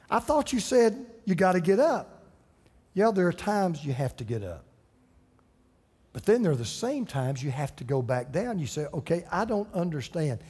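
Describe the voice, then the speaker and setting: Husky-voiced man preaching with passion. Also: high-pitched, darkish tone, big-room sound. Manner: impassioned preaching with dramatic quoted voices. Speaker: pastor. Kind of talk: sermon. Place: church sanctuary.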